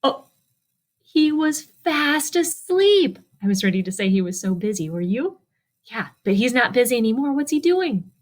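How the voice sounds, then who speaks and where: A woman's voice: medium pitch, brisk. A woman librarian reads a picture book aloud at children's storytime, asking young listeners questions and answering for them.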